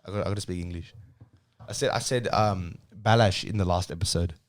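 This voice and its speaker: A man's voice: deep voice, fairly quick, no echo, clean studio sound. A young man, co-hosting a podcast in a rambling, self-mocking casual chat. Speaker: podcast co-host.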